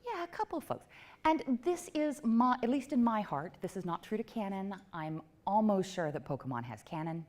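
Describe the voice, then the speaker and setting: A woman giving a talk at a technology meetup in a playful, self-mocking way, with quick asides to the audience. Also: medium pitch, big pitch swings, a little mellow. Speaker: conference speaker. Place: event venue before a live audience.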